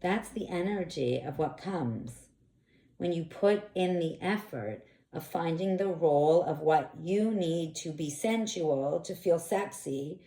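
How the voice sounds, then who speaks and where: Woman talking candidly as a coach, warm lowish voice, expressive, echoey room. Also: takes it slowly. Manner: frank, expressive, animated bursts. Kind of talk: candid direct-to-camera monologue.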